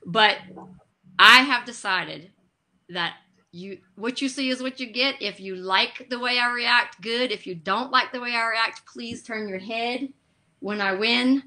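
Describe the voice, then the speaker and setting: Middle-aged woman on a video call, bright voice, animated storytelling. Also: a little high, measured pace. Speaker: guest, drag racer. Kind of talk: casual interview chat.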